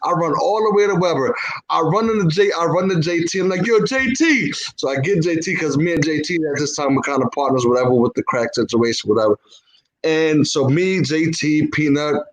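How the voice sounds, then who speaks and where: A man's voice: fairly high pitch, a little fast, poor audio. A man telling a long story in casual chat, full of swearing and stopping often on "whatever". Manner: profane, peppers speech with "whatever". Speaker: podcast co-host.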